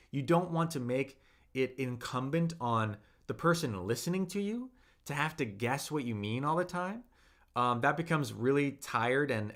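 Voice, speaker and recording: A man's voice: medium pitch, fairly bright tone. A young man hosting a casual live-stream language lesson, upbeat and encouraging, with many fillers and "right?" tags.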